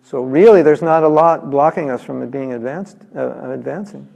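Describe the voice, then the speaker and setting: An American man with a creaky, darkish, medium-pitched voice gives a lively scripture lecture in a large temple hall, speaking at normal speed in a conversational, humorous way and acting out little quotes. The recording is muffled, and the hall is reverberant.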